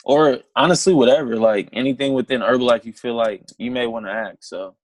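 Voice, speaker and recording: A young man on a video call, telling his story in a casual, animated way and acting out both sides of phone calls. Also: medium pitch, brisk, dry recording, low-quality recording. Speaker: distributor sharing his story on a team call.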